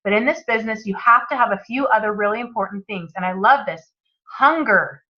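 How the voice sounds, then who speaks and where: A woman's voice: medium pitch, brisk, muffled recording. A woman hosting a book club, reading passages aloud and commenting with enthusiastic, motivational energy.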